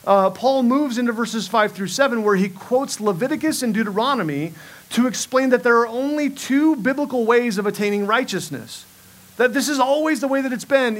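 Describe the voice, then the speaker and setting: A man's voice: very high-pitched, fairly quick. A middle-aged man preaching a sermon as pastor, earnest, often repeating himself as he restarts a thought.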